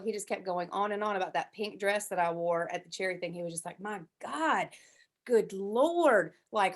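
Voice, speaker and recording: A woman chatting casually in a group class, talking with many fillers and acting out what others said. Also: medium pitch. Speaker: class participant. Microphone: headset.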